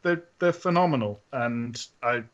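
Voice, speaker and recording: A man co-hosting a casual podcast, telling an animated story with frequent laughs and restarts. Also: medium pitch, a little slow, dull audio. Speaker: podcast co-host and robot builder. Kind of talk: casual chat.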